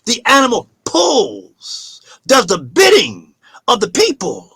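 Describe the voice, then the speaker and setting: A man hosting a talk show, delivering an impassioned political monologue in a preachy, emphatic way and sometimes shouting. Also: extremely high pitch, wildly swooping pitch, takes it slowly, breathy edge, no echo.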